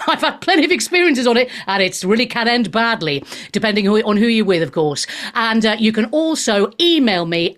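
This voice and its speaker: A woman's voice: on the high side, animated, normal speed, fairly bright tone. Bubbly, jokey woman radio host. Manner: bubbly, jokey, cheeky asides, laughs often. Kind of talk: chatty radio talk.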